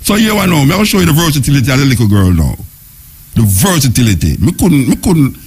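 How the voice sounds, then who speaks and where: A middle-aged man with a Jamaican accent, hosting a radio show in casual, excited patois talk. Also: mid-range voice, fast, a little hiss or hum. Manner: excited, laughing, patois chatter. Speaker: radio host. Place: radio studio.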